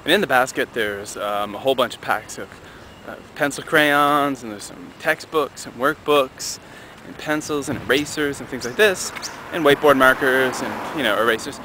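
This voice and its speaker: A young man in a vlog telling a personal story in a casual, animated way, acting out the dialogue. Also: normal speed, slight background noise, poor audio. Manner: animated, acts out dialogue with raised pitch.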